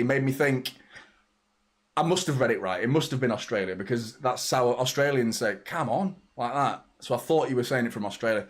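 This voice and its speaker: Man, football watchalong host, excitable, sweary, chatty with viewers, mid pitch. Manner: excitable, sweary fan reactions to play. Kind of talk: live match watchalong commentary.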